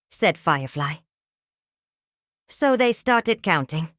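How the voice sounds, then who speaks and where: An older woman reading a bedtime story for children in a gentle, soothing way. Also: medium pitch, very animated, a little slow, no echo, studio quality.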